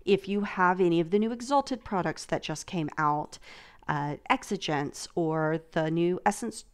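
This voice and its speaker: Woman panel host, casual and rambling, smooth clear low-ish voice. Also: unhurried. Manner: chatty, trailing off, many fillers and restarts. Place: streamed convention panel.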